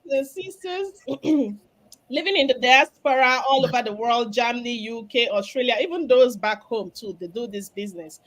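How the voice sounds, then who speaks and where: A woman's voice: on the high side, moderate pace, a bit bright. A Nigerian woman hosting a live video stream, upbeat and promotional, talking through a cough. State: has a cough. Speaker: host, business mentor. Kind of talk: live stream panel chat.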